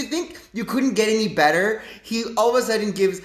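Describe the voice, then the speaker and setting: A man hosting a casual live stream with political commentary, talking in a chatty, animated way full of rambling asides into his phone's front camera. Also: high-pitched, moderate pace, few pauses, roomy sound. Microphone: phone front-facing camera.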